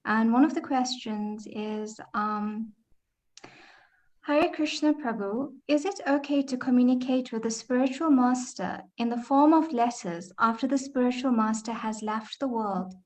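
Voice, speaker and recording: A woman's voice: on the high side, a little slow, darkish tone. A South African woman moderating an online class, politely reading out viewers' questions with some hesitation. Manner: polite, hesitant, with filler sounds.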